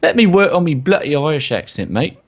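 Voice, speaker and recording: A man hamming up a blustering Irish tough guy, pitched well above his usual speaking voice and pushed louder. The accent is clumsy and overdone, and every line ends with a cocky "mate". The low, gravelly grain of his own voice still shows under the high pitch. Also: sing-song, fast, heavily acted. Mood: boastful.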